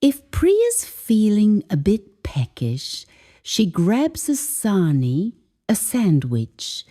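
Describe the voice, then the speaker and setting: Slow, mellow-voiced woman teaching slang. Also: mid-range voice, huge pitch swings. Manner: slow, deliberate, explanatory. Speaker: English teacher. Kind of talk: scripted lesson narration.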